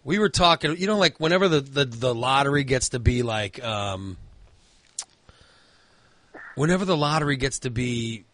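Rambling bright-voiced man telling a story. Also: mid-range voice, expressive, moderate pace, pauses often, no echo. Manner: rambling storytelling with many fillers and restarts. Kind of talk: casual chat.

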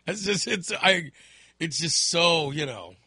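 A man's voice: a little high, lively intonation, takes it slowly, sharp tone, breathy edge, no room sound, studio quality. A middle-aged man hosting a podcast, ranting in casual chat with plenty of profanity and exasperation. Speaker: podcast host.

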